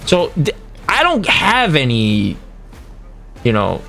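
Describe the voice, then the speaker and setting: A man's voice: fairly high pitch, takes it slowly, creaky, soft background music. A man coaching on a livestream in a casual, profane way, often acting out what other players might say. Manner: animated, profane, acts out quoted players. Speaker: streamer coaching fighting games.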